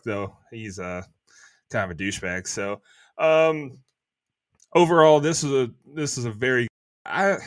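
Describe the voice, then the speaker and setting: A man's voice: medium pitch, no room sound, clean studio sound. A man co-hosting a podcast, chatting casually about a film with loose asides and swearing. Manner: casual and profane, with fillers and asides. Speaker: podcast co-host. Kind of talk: casual chat.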